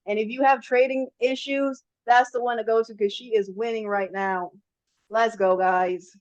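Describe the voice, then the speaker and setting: A woman's voice: a little high, fairly even intonation, normal speed, dull audio. A young woman giving a heartfelt, faith-filled motivational speech on a video call. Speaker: guest speaker on a team call.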